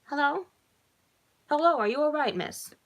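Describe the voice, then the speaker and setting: A woman voicing a calm female emergency dispatcher who speaks evenly and reassuringly while reading her own story. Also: high-pitched, moderate pace, voice pushed up. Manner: even, reassuring, professional.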